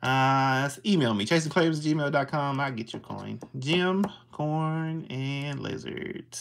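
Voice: mid-range voice, slow, gravelly, slight background noise. A livestream host, casually reading out symbols one by one and greeting viewers in the chat.

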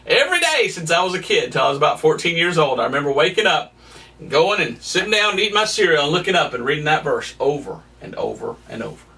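A man's voice: quick pace, recorded from a distance. Earnest man preaching from home. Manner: earnest, emphatic, lively pitch swings, occasional laughs. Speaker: missionary evangelist preacher. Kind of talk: sermon. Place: his family home, indoors.

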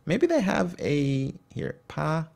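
A man's voice: on the high side, very animated, slow pace, creaky, darkish tone. A man hosting a history video, reading from his notes and breaking off into chatty, enthusiastic comments, sometimes tripping over names. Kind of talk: reading notes with off-the-cuff asides.

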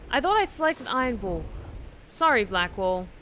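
Casting note: woman streamer, bright, forceful voice, chatty and foul-mouthed, loose live-stream delivery. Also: a little high, sing-song, normal speed, a little hiss or hum. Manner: chatty, swears freely, talks to chat. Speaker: streamer and hobby voice actor. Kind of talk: casual live-stream chat while gaming.

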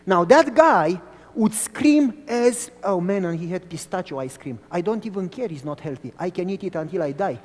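Man preaching, animated storyteller, asks the listeners questions, high voice, long hall reverb. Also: moderate pace. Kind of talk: sermon.

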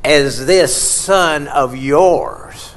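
A preacher voicing a resentful, jealous older brother who complains in an aggrieved way. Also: male voice, on the high side, drawn-out words. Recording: long reverb in a large hall.

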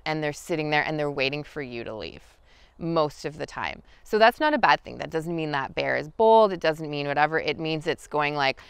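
A woman's voice: low voice, normal speed, vocal fry, smooth, no echo. Woman, outdoor guide, resonant voice, dry close sound, chatty with fillers. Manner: relaxed, chatty, many fillers. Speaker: wild food guide. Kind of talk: outdoor teaching talk.

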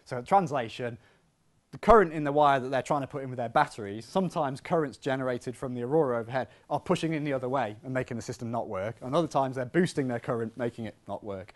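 Fast-talking man giving a science lecture. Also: mid-range voice. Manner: lively, conversational, with self-deprecating asides. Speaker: physics professor giving a public lecture. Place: lecture hall.

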